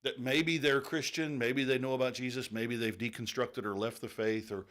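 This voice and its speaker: A man co-hosting a radio talk show, explaining things in a relaxed way with many fillers. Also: medium pitch, normal speed. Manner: relaxed, thinking aloud with fillers. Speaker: radio co-host. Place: radio studio.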